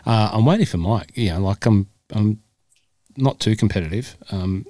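Low dry-voiced host joking. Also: male voice, moderate pace, dark tone, dry recording. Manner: jokey, rambling, laughs often. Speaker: podcast host. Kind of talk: casual podcast banter.

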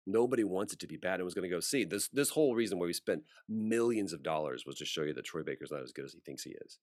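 Male voice actor, deep and dry-miked, a relaxed interview guest who brings his anecdotes to life. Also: fast, no room sound. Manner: animated storyteller acting out quoted voices. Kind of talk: casual interview storytelling.

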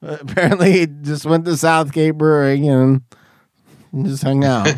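A man's voice: on the high side, flat delivery, unhurried, darkish tone, no echo, studio quality. Rambling, laughing male podcast host. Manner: rambling, laughing, tipsy banter. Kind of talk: casual chat. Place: garage studio.

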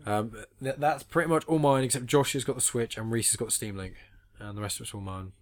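A man's voice: medium pitch, fast talker. Teasing, reasoning English podcast man. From England. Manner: reasoning, explains at length, teasing. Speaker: podcast co-host. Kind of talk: casual chat.

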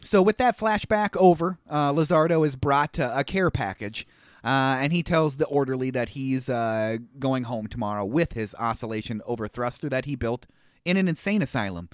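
A man's voice: medium pitch, lively intonation, moderate pace, no room sound, studio quality. A man in his thirties co-hosting a casual movie recap podcast, telling the story with fillers and frequent laughs. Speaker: podcast co-host.

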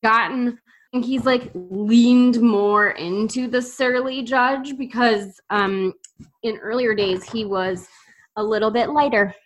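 A woman's voice: fairly high pitch, takes it slowly. A woman co-hosting a podcast in casual chat, enthusiastic and chatty, often restarting her sentences. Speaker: podcast co-host.

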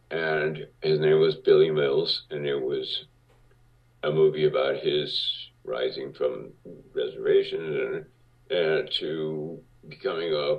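Deep, gravelly Cuban-born man telling stories. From Cuba. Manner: animated, acts out quotes. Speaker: guest. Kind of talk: casual interview storytelling. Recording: distant, dull lo-fi audio.

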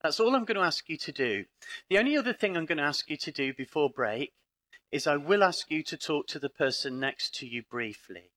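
A middle-aged British man addresses a hall full of people, his voice bright and fairly high. He swoops through a wide pitch range as he acts out conversations, with a dry, humorous edge. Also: fairly quick. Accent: British English. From Britain. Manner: animated storyteller acting out dialogue, dry humour. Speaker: conference speaker. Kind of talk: lively live conference talk. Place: parish hall with an audience.

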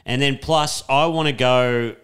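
A man's voice: medium pitch, fairly even intonation, unhurried, fairly bright tone, smooth. A young Australian man co-hosting a podcast, easygoing and encouraging, laughing often. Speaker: podcast co-host. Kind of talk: casual chat.

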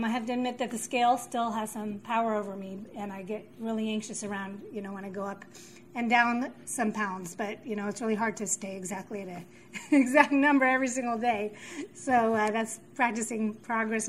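Woman, slightly high voice, halting heartfelt share at a recovery meeting, light room noise. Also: fairly even intonation, rough recording. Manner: halting, many fillers and restarts.

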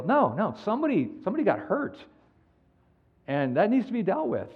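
Lively pastor preaching, dull recording. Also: male voice, sits high, brisk, slightly rough. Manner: animated storytelling, acts out quoted dialogue. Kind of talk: sermon.

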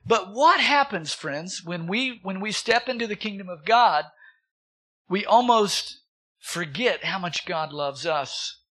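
A man's voice: sits high, expressive, slow pace, sharp tone, husky. A man in his thirties preaching a sermon, asking the congregation questions and repeating words for emphasis. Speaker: pastor.

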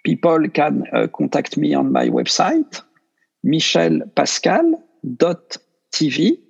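A man with a French accent, a meditation teacher speaking earnestly and gently in simple English during a podcast interview. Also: a little high, expressive, gravelly, breathy edge, highs cut off. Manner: slow, earnest, gentle speech in simple non-native English.

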